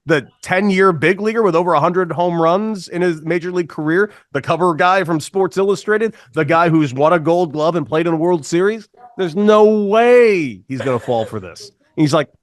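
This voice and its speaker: Animated male storyteller, dry close sound. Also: fairly high pitch, moderate pace, hardly any pauses, no room sound. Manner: animated storyteller, switches voices for quotes. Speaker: podcast guest, former baseball player. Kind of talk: casual storytelling.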